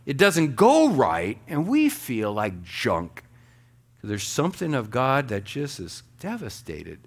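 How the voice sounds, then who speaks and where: A man preaching a sermon as pastor, animated, acting out little quoted asides as he teaches. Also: on the low side.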